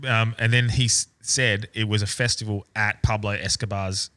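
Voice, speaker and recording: A podcast host chatting casually, rambling with frequent restarts and casual swearing. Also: male voice, fairly low pitch, steady tone, normal speed, a bit bright, smooth. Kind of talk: casual chat.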